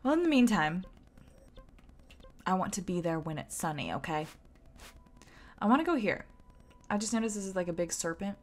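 A woman's voice: lowish voice, lively intonation, brisk, long pauses. A woman casually talking to herself and swearing as she plays a game on a live stream. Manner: chatty, swearing, talks to herself. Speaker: streamer playing a video game.

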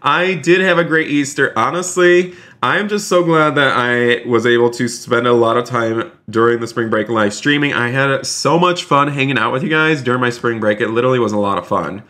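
Excitable man gushing on a game stream. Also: mid-range voice, a little fast, hardly any pauses. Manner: effusive, gushing thanks to donors; excitable, repeats exclamations. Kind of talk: live game-stream chat.

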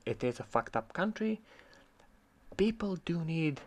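A man's voice: a little high, very animated, unhurried. Heated man ranting. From Croatia. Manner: heated, sarcastic, swears freely. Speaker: vlogger. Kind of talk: ranting commentary on an online argument.

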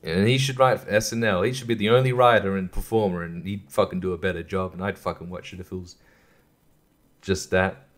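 A man's voice: sits low, steady tone, brisk. A man hosting his own podcast in casual solo chat, rambling, swearing freely and laughing often. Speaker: podcast host.

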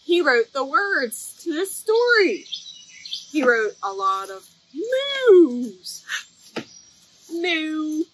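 A woman's voice: sits high, very animated, takes it slowly, slight background noise. A woman hosting a children's library storytime, playful and sing-song as she reads aloud and leads rhymes.

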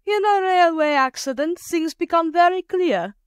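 Woman voicing a calm, shrewd peasant woman. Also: extremely high pitch, no echo, clean studio sound, pitched above the performer's own voice. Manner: calm, matter-of-fact, drawn-out haggling.

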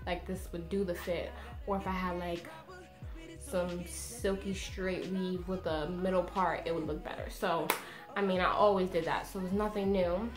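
A woman's voice: fairly low pitch, steady tone, normal speed, roomy sound, over music. A woman in her twenties chatting casually to camera from her bedroom, laughing often and saying "like" a lot, a little tired after a long day. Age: 20s. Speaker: beauty vlogger.

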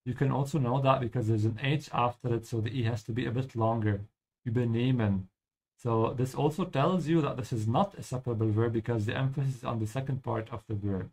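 A man hosting a live-streamed lesson, explaining German pronunciation slowly and switching between English and German. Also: medium pitch, darkish tone. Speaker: language teacher and stream host.

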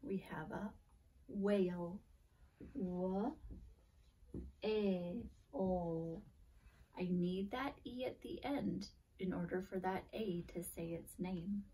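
A woman teacher giving a video phonics and grammar lesson at a board, sounding out letters slowly and clearly. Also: mid-range voice, dark tone, distant mic. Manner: slow, deliberate sounding-out of letters.

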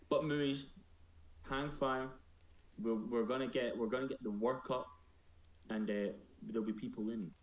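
A man's voice: mid-range voice, measured pace, roomy sound. A man chatting casually on a live stream, joking and teasing himself. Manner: playful, joking, self-mocking.

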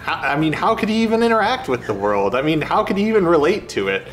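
A man's voice: on the high side, very animated, quick pace, fairly bright tone, soft background music. A man hosting a livestream, giving a mock-grand improvised speech with a swooping delivery.

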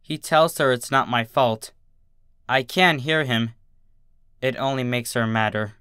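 A man reading a dark story aloud in first-person narration, with a halting, tense delivery. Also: mid-range voice, clear, resonant tone, dry recording, studio quality. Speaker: fanfiction reader.

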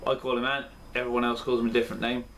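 A man hosts his own beer review in a loose, rambling chat, often poking fun at himself. His voice sits at an ordinary middle pitch. A faint hum of room noise runs behind him. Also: level tone, rapid-fire, fairly bright tone. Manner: rambling, chatty, self-deprecating. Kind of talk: casual chat. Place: indoor room at home.

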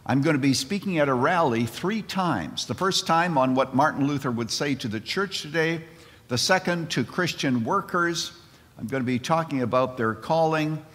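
A man in his seventies giving a conference sermon, an animated storyteller with comic timing who mixes jokes into his message. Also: a little high, normal speed. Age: 70s. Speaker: conference speaker. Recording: reverberant hall.

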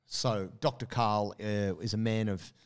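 A man's voice: on the low side, fairly even intonation, unhurried, smooth. A man, telling a story in casual podcast chat with many fillers and quoted asides. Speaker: podcast co-host.

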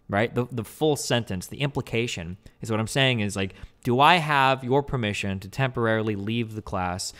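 Brief: young male streamer, rapid casual commentary, profane, acts out little examples. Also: mid-range voice, fairly bright tone. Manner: fast, rambling, profane, explains with acted examples.

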